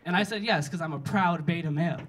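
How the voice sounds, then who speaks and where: A young man doing a stand-up set and hosting, deadpan and self-mocking, then speeding into animated rants. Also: fairly high pitch, quick pace, slight background noise. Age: young adult. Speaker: stand-up comic and host. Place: comedy club stage. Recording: live room with crowd laughter.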